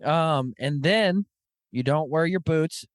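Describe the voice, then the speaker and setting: A man hosting a podcast, telling stories in an animated, casual way, full of "dude" and "like". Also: on the high side, slow, clear, resonant tone, no echo, clean studio sound. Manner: animated storytelling, lots of "dude" and "like". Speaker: podcast host. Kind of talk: casual chat.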